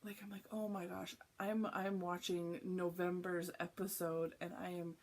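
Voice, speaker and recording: A woman's voice: lowish voice, little pitch movement. Rambly chatty woman vlogger. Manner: rambling, lots of "like", quick asides. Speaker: flosstube vlogger. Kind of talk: casual chatty storytelling. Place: home, early morning.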